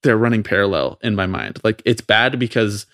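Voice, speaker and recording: A man with a fairly low voice rants on a podcast, fast and profane, his exasperation spilling over. The sound is dry and close to the mic. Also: expressive, a bit bright, no echo. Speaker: podcast co-host. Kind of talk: heated casual podcast rant.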